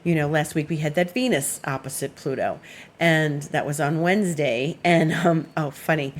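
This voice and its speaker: A woman's voice: deep voice, steady tone, normal speed. A woman astrologer giving a casual weekly forecast, chatty and meandering with plenty of fillers.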